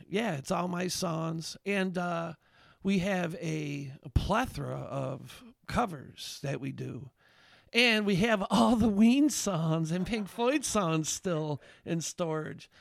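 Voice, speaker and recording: Animated gravelly-voiced man telling stories. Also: on the high side, no room sound, clean studio sound. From Albany, New York area. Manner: animated, rambling with many fillers and restarts. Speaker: songwriter and bandleader, podcast guest. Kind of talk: casual chat, storytelling.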